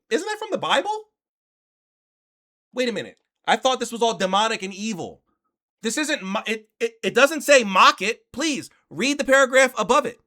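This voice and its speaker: Bright, high-voiced man ranting in commentary. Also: very animated, moderate pace. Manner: argumentative, exasperated, swears. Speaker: commentary channel host. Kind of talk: reaction commentary, reading aloud from a book.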